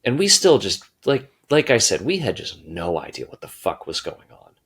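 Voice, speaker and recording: A man's voice: lowish voice, huge pitch swings, normal speed, fairly bright tone, breathy edge. A man, a podcast guest, reflecting casually on a past film viewing and swearing now and then.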